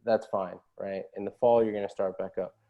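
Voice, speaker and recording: A man's voice: lowish voice, little pitch movement, fairly quick, vocal fry, narrow, tinny audio. A man, a podcast guest, telling a story in an earnest, motivational way and ending many phrases with a questioning "right?". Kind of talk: casual storytelling.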